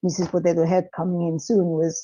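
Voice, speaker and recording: A young woman from France with a French accent, chatting as a guest and often pausing with fillers. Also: fairly low pitch, little pitch movement, dark tone, highs cut off. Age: young adult. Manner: hesitant, full of fillers. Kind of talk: casual chat.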